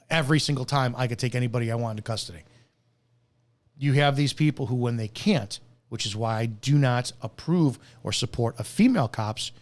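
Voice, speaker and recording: Angry, profane man ranting. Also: medium pitch. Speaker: host, former police officer. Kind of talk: live-stream commentary rant.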